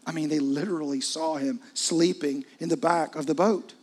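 A middle-aged man preaching a sermon in a husky, slightly high voice. He drops to near-hushed asides, then climbs to loud, urgent peaks. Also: fairly even intonation, normal speed. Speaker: pastor.

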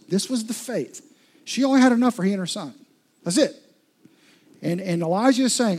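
A man preaching a sermon as a pastor, talking straight to his listeners and swinging from loud questions to hushed whispers. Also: high-pitched, expressive, normal speed, long pauses, breathy edge. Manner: addresses listeners directly with repeated questions.

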